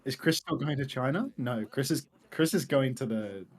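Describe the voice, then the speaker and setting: A man casting an esports match with offhand, dry jokes and quick play-by-play. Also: mid-range voice. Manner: dry, offhand jokes, then lively calls. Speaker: esports caster.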